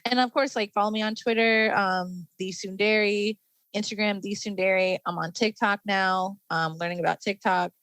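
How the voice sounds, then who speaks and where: A woman's voice: mid-range voice, fairly even intonation, moderate pace, a bit bright, dry recording, low-quality recording. A woman guest on a podcast, describing things enthusiastically with lots of fillers. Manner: enthusiastic, rambling, many fillers. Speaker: guest, anime content creator. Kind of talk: casual interview chat.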